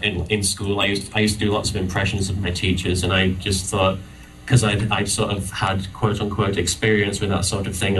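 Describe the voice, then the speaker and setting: Low-voiced man, halting panel talk. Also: slight background noise. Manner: halting, many restarts. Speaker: convention panel guest. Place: convention panel room. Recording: distant audience-camera recording.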